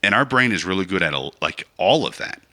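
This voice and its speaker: Podcast co-host, male, low voice with a bright, sharp edge, loose rambling talker. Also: sing-song, fairly quick. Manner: rambling, reasoning aloud with many "like" and "right?". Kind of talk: casual chat.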